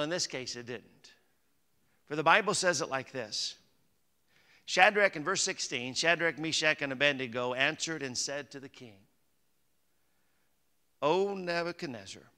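In a church sanctuary with long hall reverb, a male pastor preaches a sermon in a chatty, conversational manner that climbs to emphatic peaks. His mid-range voice sounds pushed and bright.

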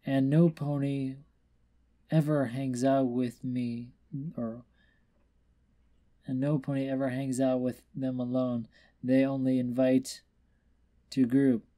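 A man's voice: mid-range voice, flat delivery, slow pace, long pauses, mellow, lightly acted. A man doing a tipsy weepy cartoon pony mare. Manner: slurred, self-pitying, stammering.

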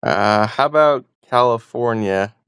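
A woman's voice: a bass voice, unhurried, clean tone, no room sound, clean studio sound. A woman testing a voice assistant, giving short, hesitant commands with frequent "uh". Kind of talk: casual spoken requests.

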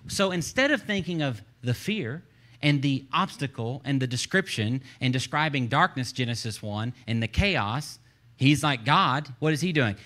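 A man with a Texan accent preaching a sermon as pastor, telling the story with energy and acting out voices, reading scripture and building to shouts. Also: mid-range voice. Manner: reads scripture aloud, rising to shouts at the close.

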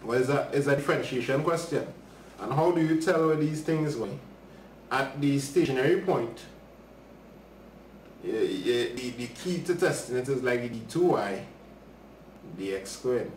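A man's voice: mid-range voice, animated, measured pace, pauses often, far from the mic, a little hiss or hum. A man teaching a live maths lesson, chatting casually with viewers as he works through problems. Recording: roomy livestream audio from off-mic.

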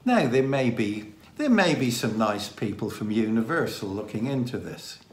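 Man, mild Dorset accent, measured and deliberate, mid pitch, roomy echo. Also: very animated, a little hiss or hum. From England. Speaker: co-host. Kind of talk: casual chat.

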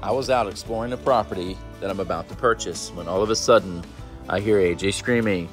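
A man's voice: on the low side, a little fast, soft background music. A man narrating his fishing vlog in a dramatic voice-over. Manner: dramatic storytelling. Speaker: fishing channel host.

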